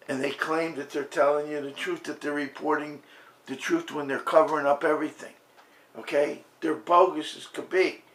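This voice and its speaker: A man with a fairly high voice rants with insistent emphasis, circling back to the same points and checking in with "okay?" as he goes. The sound is roomy and echoey. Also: pushed and bright. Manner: emphatic, repetitive, keeps asking "okay?". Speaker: commentator. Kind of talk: impassioned political rant.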